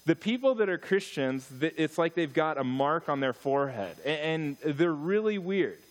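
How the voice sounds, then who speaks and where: Male missionary speaker, higher-pitched, playful storyteller for a church audience. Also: normal speed. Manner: storytelling, joking, animated asides. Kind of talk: church talk with humorous stories.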